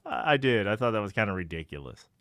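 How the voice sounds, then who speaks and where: A man co-hosting a podcast, recapping a TV episode in a relaxed chat and laughing easily. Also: fairly low pitch, rapid-fire, no echo, studio quality. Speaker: podcast co-host. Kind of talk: casual episode review chat.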